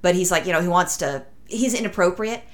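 A woman's voice: lowish voice, a little fast. A woman telling a long anecdote in casual podcast chat, rambling and acting out other people's lines. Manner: rambling, animated anecdote with acted-out quotes.

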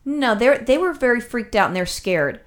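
A woman's voice: fairly high pitch, very animated, normal speed. A woman telling a long personal story in casual chat, rambling with many fillers and restarts, emotional as she recounts it.

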